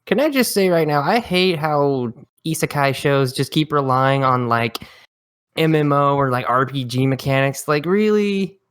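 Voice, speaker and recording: A man hosting a casual podcast chat, talking in a quick, blunt and wry way. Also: a little high, fairly bright tone, clean tone. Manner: quick, blunt and wry, reads titles aloud. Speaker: host.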